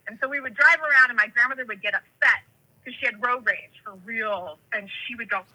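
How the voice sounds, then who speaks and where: A woman from California tells animated stories in a very bright, husky voice. She rambles and wanders into tangents, padding her talk with plenty of fillers. Her voice sits a little high. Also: a little fast, rough recording. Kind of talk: casual storytelling chat.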